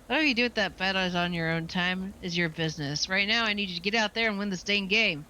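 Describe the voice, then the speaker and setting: A woman voicing a stuffy, conservative male baseball coach with a pompous, gruff manner. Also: medium pitch, quick pace, sharp tone, a little hiss or hum, close to an everyday voice, poor audio. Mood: blustering.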